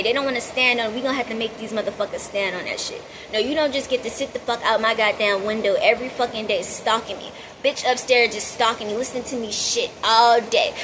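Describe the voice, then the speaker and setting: A woman's voice: a little high, background noise. A woman vlogger delivering a heated, profane monologue straight to her viewers, hammering her points with repetition and emphasis.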